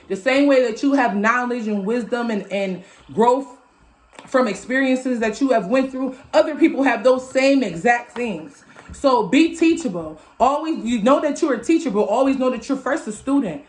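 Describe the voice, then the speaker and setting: A woman with a high voice gives a casual motivational tarot reading, loud and emphatic, with plenty of swearing. She talks into a phone. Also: lively intonation, moderate pace. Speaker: tarot reader.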